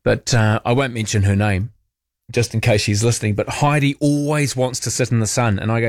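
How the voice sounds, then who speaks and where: A man's voice: medium pitch, steady tone, a little fast, no room sound, studio quality. A man hosting late-night talkback radio, chatty and opinionated, with sarcastic asides. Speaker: radio talk show host. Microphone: close studio mic.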